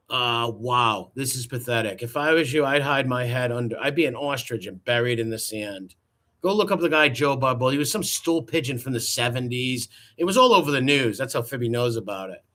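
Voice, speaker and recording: A man riffs in mocking, profane reaction commentary. His voice is bright and tense, and he sounds openly incredulous. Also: medium pitch. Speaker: commentary host.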